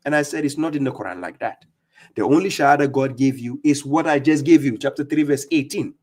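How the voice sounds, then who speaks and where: A man giving scolding religious commentary on a live stream, mocking opponents and reading verses slowly. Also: mid-range voice, a little mellow. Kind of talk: preaching commentary on played clips.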